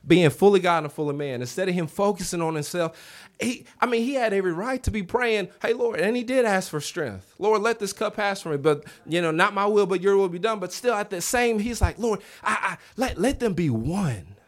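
A man preaching a revival sermon in a church, animated, acting out quoted voices and calling on the congregation to answer back. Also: high voice, brisk. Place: church sanctuary.

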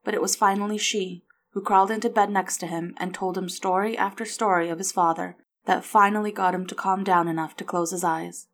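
A woman narrating a novel aloud, reading the dialogue softly and without strong character voices. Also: mid-range voice, fairly even intonation, fairly quick, hardly any pauses. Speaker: audiobook narrator. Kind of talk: scripted narration.

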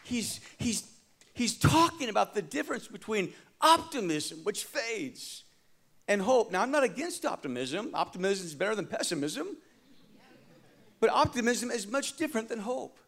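A male pastor with a high voice delivers a sermon. He moves from loud, emphatic lines to quiet, hushed ones and calls out to the congregation for responses. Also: very animated, normal speed, vocal fry. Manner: dramatic preaching, swinging from loud emphasis to hushed tones.

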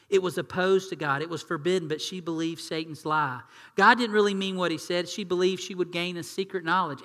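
A man preaching a sermon, animated and acting out quoted voices in hushed tones. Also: a little high, in a large hall. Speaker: pastor.

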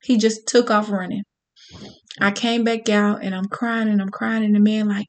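Woman storyteller, candid and profane, talks straight to the crowd with lively drive. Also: medium pitch, moderate pace. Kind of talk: personal storytelling to an audience.

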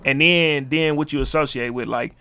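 A man's voice: a little high, normal speed, pushed and bright, clean tone, no echo. A young man co-hosting a podcast, telling stories in a loose, profane, casual chat. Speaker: podcast co-host.

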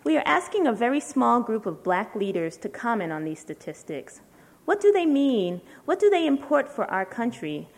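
A woman, a writer at a literary event, reading a letter aloud to an audience in a measured, deliberate way with slow, emphatic pauses. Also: medium pitch.

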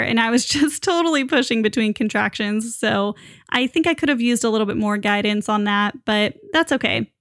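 A woman's voice: on the high side, normal speed, a bit bright, no echo. Young woman, chatty, laughs a lot, dry close recording. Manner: chatty, laughs often, many fillers. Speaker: new mother telling her birth story. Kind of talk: casual storytelling to camera.

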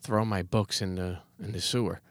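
A man's voice: low voice, steady tone, moderate pace, dry recording, studio quality. A man hosting a podcast interview, loose and talkative, swearing casually and repeating himself. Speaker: podcast host.

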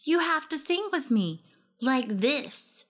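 Storybook kid: woman voicing a cheerful six-year-old girl, high sing-song voice. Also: big pitch swings, slow pace, fairly bright tone, heavily acted. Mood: whiny.

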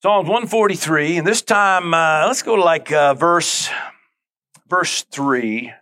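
A man's voice: on the high side, slow, pushed and bright. A man preaching a sermon as pastor, reading scripture and adding frequent amens.

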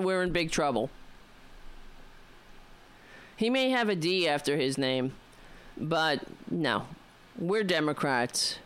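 Woman talk radio host, New York accent, rambling and wry, smooth clear voice. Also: deep voice. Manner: rambling, wry, talks to listeners directly. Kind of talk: casual political talk radio monologue.

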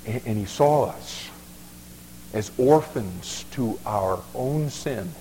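A man's voice: mid-range voice, lively intonation, takes it slowly, dark tone, slight background noise. A male pastor preaching a sermon in a folksy, emphatic way, often repeating words as he restarts. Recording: long reverb of a large hall.

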